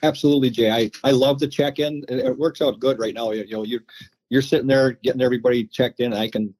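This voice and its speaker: A man who is a veteran guest, chatting casually in an interview, halting and repeating words as he talks. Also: mid-range voice, steady tone, a little mellow, slightly rough, no echo.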